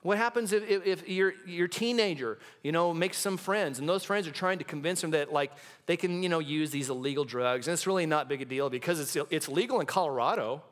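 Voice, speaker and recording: A man's voice: on the high side, brisk, few pauses. A male pastor preaching a sermon in a church, impassioned and building to dramatic intensity. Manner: acts out quoted lines in hushed and shouting voices. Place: church sanctuary.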